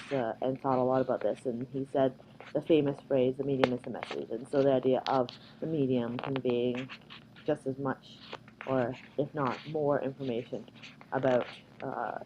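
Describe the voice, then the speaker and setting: A woman's voice: a bass voice, mellow, a little hiss or hum, poor audio. A woman from Canada giving a conversational recorded slide lecture, with frequent ums and uhs. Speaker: workshop presenter.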